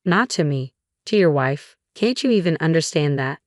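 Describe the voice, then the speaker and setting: A man's voice: on the high side, animated, moderate pace, no echo, studio quality, lightly acted. A woman reading the part of a stern elderly company chairman who scolds firmly. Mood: reproachful. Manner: firm, reproachful.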